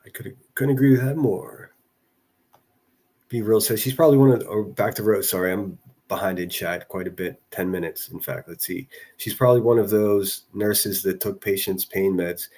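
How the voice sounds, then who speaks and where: A man's voice: lowish voice, a little mellow. A man from a northern US city hosting a casual livestream, rambling through commentary and reading chat messages aloud with frequent restarts. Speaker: livestream host.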